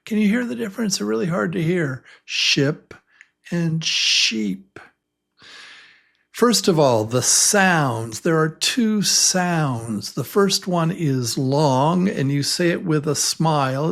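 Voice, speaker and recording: Male pronunciation teacher, very slow, drawn-out delivery, repeats single words for learners. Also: on the high side, gravelly, fairly bright tone. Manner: slow, drawn-out modelling of vowel sounds; repeats single words and sounds many times. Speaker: English teacher. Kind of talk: beginner pronunciation lesson.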